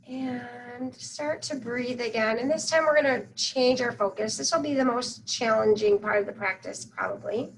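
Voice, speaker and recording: Slow, soothing woman guiding meditation. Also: a little high, a little hiss or hum, low-quality recording. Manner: slow, soft, soothing instructions with long pauses. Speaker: meditation guide. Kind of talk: guided meditation.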